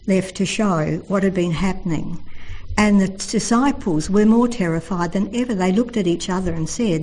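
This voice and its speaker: A woman giving a devotional Bible talk, telling the stories earnestly and slowing down for emphasis. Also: medium pitch, mellow, low-quality recording. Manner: earnest storytelling, slows for emphasis. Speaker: Bible teacher.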